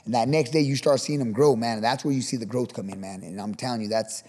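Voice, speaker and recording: A man who coaches boxing, talking fast in a casual podcast interview, swearing freely and acting out the shouts he gives his fighters. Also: mid-range voice, husky, in a large hall. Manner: profane, fired-up, acts out shouted coaching.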